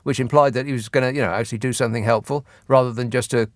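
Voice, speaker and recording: A male radio host reads the day's political news and peppers it with dry, sarcastic jabs. His voice sits at a middling pitch and sounds close and dry in the studio, with no room around it. He is taking calls on a phone-in show. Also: fairly even intonation, rapid-fire, dry recording. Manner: sardonic, mocking asides. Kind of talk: satirical news commentary. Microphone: studio microphone.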